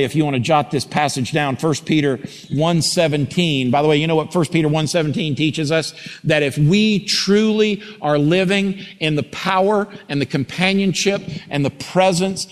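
A male pastor delivering a sermon, swinging from loud, rising climaxes down to quiet, low passages. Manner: preaching that builds to loud, rising climaxes then drops low. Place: large church sanctuary. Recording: long hall reverb.

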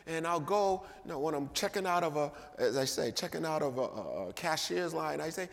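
A man preaching a sermon in a church, emphatic, swinging between loud and quiet delivery. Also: a little high, expressive, moderate pace. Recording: long reverb of a church hall.

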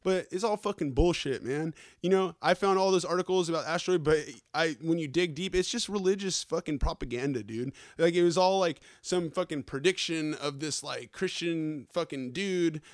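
A man's voice: a little high, moderate pace, hardly any pauses, dry recording, clean studio sound. A man hosting a podcast, ranting through the news in slangy, profane casual talk and tacking "right?" onto his points. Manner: slangy, keeps adding "right?" and "okay?". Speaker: podcast host.

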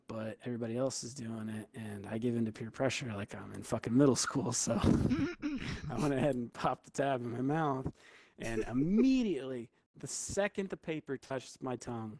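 A man's voice: mid-range voice, sing-song, normal speed, vocal fry, a little mellow, dry recording. A young man casually telling a story among friends, loose and profane, full of "like.". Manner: loose and profane, heavy use of "like".

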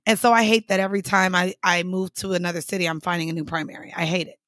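A woman's voice: fairly low pitch, steady tone, fast talker, a bit bright, no echo, clean studio sound. Blunt woman co-host chatting. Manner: chimes in with blunt, profane reactions. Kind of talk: casual chat.

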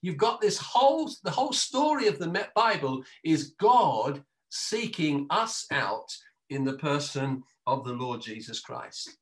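A man pastor preaching a sermon over a video call, emphatic and slowing down on key phrases. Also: a little high, big pitch swings, rough recording.

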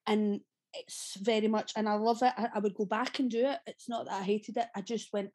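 A woman's voice: medium pitch, fairly even intonation, brisk, darkish tone. A Scottish woman in her thirties with a Glaswegian accent, an actress telling stories in a casual podcast interview, chatty, laughing often and swearing freely. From Scotland. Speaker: guest actress.

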